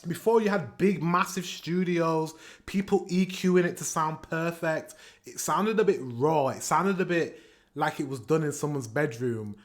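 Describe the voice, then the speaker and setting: A chatty man hosts a music reaction, talking casually and scatting beats aloud. His voice sits a touch higher than most men's. He rambles in an animated, easygoing way. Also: measured pace. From England. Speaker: reaction video host.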